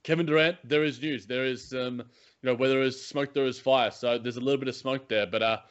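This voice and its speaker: A man talks quickly as a podcast co-host, rambling through his points and stumbling over repeated words with a joking streak. His audio sounds a little dull and lo-fi. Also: medium pitch, steady tone, clean tone. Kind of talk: casual sports podcast chat.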